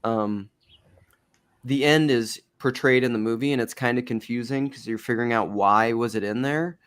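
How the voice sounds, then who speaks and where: A man co-hosting a livestream, chatting in a relaxed, rambling way. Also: mid-range voice, moderate pace, clean tone. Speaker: livestream co-host. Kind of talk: casual chat.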